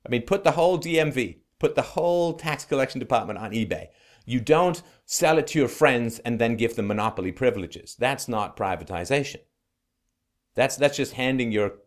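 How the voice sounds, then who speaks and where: A man giving an emphatic, sarcastic opinionated monologue as a political commentator. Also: medium pitch.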